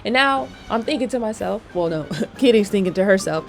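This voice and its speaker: A woman's voice: medium pitch, expressive, a little fast, gravelly. A woman nail technician chatting casually while working, slangy and checking in with her viewers. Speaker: nail technician and channel host. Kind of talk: casual chat while doing nails.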